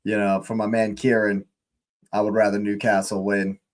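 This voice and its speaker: A young man hosting a live football watch-along, excitable, laughing often and repeating his phrases. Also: fairly low pitch, normal speed.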